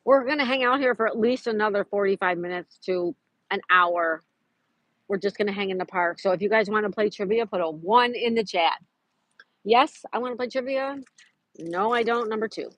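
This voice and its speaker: A woman's voice: medium pitch, normal speed, fairly bright tone, dry recording. A woman hosting a casual livestream from outdoors in a park, chatting to viewers, greeting them by name and reading trivia questions aloud. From Florida. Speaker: livestream host.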